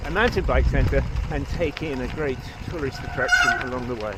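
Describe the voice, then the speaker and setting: A man's voice: mid-range voice, lively intonation, fairly quick. Chatty male vlogger, noisy outdoor recording. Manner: chatty, with wry jokey asides; talking while riding a bike. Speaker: travel and cycling vlog host. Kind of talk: casual vlog narration to camera. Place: outdoors in the countryside. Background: outdoor background noise.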